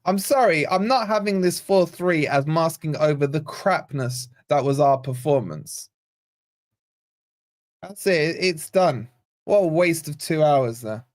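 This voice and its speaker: A man's voice: on the high side, unhurried. A man hosting a live football watch-along, blunt and sarcastic, venting about his team as the match plays out. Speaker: fan channel host.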